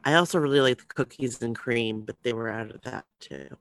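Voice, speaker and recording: A woman's voice: rumbling low, a little fast, no echo. A woman co-hosting a podcast, chatting casually with many restarts over a glitchy internet call. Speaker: podcast co-host. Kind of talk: casual chat. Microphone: remote call over glitchy internet.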